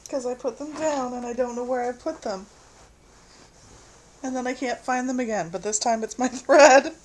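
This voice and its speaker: A woman hosts a casual quilting livestream from home, stitching while she chats and reads viewer comments aloud. Her voice sits high and moves at a moderate pace, and she is easily distracted and laughs at herself.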